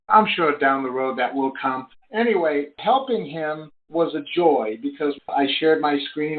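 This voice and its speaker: A middle-aged man, an online business coach, telling a story in earnest on a live conference call, his voice rising high when excited. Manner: earnest storytelling, swings between low and high excited pitch. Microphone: phone call line. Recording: tinny phone line.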